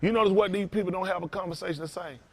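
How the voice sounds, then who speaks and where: Preaching man, emphatic and loud. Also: high voice, fairly even intonation, rapid-fire. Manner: loose, emphatic, rising to loud bursts. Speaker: pastor. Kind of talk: preaching to a congregation.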